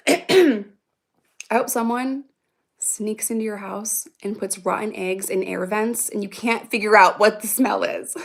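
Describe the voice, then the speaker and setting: A woman's voice: on the high side, vocal fry. A woman in her thirties chatting casually on a livestream, reacting aloud to viewer comments in a rambling, profane way and laughing often. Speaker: vlogger answering viewer comments.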